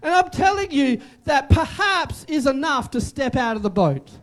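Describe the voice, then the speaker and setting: A man's voice: very high-pitched, sing-song, normal speed, a bit bright. A man preaching a sermon as pastor, emphatic and repetitive, with joking asides.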